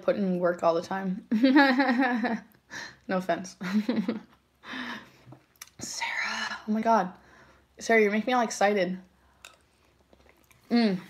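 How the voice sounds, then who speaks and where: Giggly slow-talking woman livestreaming. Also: mid-range voice. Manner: giggly, chatty, reacts excitedly to viewer comments. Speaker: livestream tarot reader. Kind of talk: casual livestream chat reading comments.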